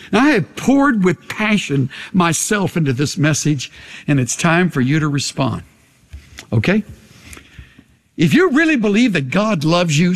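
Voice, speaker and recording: Brief: older male pastor, slow impassioned sermon, lively high voice, big church reverb. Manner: impassioned preaching with long pauses. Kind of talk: sermon with altar call. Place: large church sanctuary. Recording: long hall reverb.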